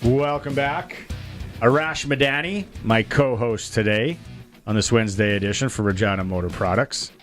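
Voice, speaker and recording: A man hosting sports talk radio in a chatty way, with lots of ums and quick asides. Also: mid-range voice, music in the background. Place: radio studio.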